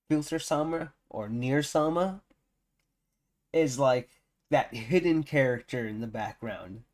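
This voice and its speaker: A man's voice: medium pitch, a little mellow. A man casually reacting to a video on stream, rambling with lots of fillers and amused asides.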